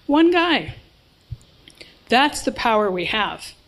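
A woman's voice: fairly high pitch, big pitch swings, takes it slowly, rough recording. A woman preaching a sermon to a congregation, earnest and emphatic, with informal asides. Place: church hall with a live congregation.

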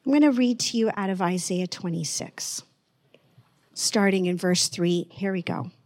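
A woman preaching gently in an online sermon, slowing down to stress words and dropping almost to a whisper. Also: fairly low pitch, no echo. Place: online church service.

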